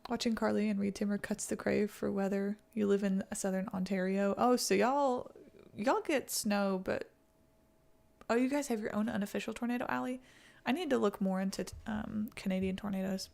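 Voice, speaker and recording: A woman's voice: mid-range voice, fairly even intonation, normal speed, creaky, darkish tone. A woman hosting a livestream, chatting casually with viewers and reacting to a video. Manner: chatty, talks to chat, laughs often. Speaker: livestream host.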